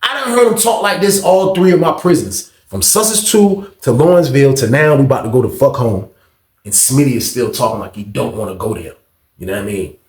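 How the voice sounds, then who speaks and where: A man telling a prison story in a casual, slangy, animated way. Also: medium pitch, fairly quick, reverberant, distant mic.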